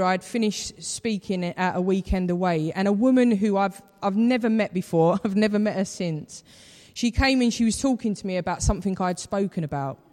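A preacher delivers a sermon in a warm storytelling manner. The voice sits in a middle register. A long reverb from a large hall trails each phrase. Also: medium pitch. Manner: conversational storytelling, acts out quoted voices.

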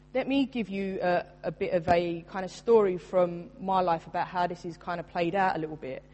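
A woman's voice: lowish voice, a little mellow. A woman in her thirties preaching a sermon, earnest and emphatic, mixing scripture with her own story. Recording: long reverb in a large room.

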